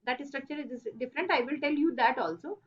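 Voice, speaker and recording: A high-pitched woman lectures over a dull, lo-fi online call. She repeats each rule slowly, leaning on the key words. Her delivery is patient and instructive. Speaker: teacher. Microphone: online video call.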